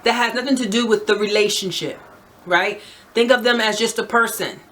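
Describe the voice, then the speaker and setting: A woman's voice: mid-range voice, normal speed. A woman from New Jersey with a New Jersey accent, giving emphatic, direct life advice to camera and often checking in with "right?". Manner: naturally loud. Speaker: advice vlogger.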